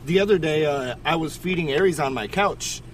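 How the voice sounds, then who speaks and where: A young man co-hosting a podcast, telling stories in an animated, casual way and swearing freely. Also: fairly high pitch, brisk, a little hiss or hum. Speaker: podcast co-host. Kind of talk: casual chat.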